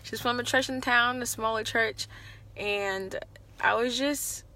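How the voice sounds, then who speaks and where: A young woman telling a story in a casual vlog, animated and exclamatory. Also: on the high side, unhurried. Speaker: vlogger.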